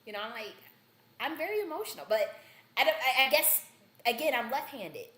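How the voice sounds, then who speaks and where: A woman's voice: sits high, sing-song, brisk, sharp tone, roomy sound. A woman hosting a livestream, talking in a blunt, profane, rambling way with many restarts. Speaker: livestream host.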